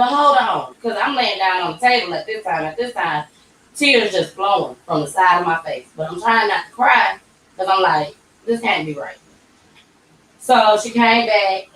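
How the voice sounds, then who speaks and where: A young woman tells a personal story on her podcast, acting out every quoted line. She sounds set back from the microphone. The room adds an echo and a faint hum of ambience. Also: medium pitch. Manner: emotional, animated retelling with quoted voices. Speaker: podcast host. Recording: roomy echo, distant mic.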